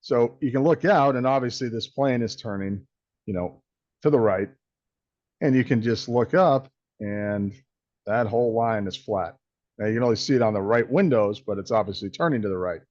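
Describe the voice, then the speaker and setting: A man's voice: medium pitch, normal speed, darkish tone, no room sound. Easygoing male host, slightly dull dry sound. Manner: easygoing, reacts with short affirmations. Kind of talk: casual interview chat.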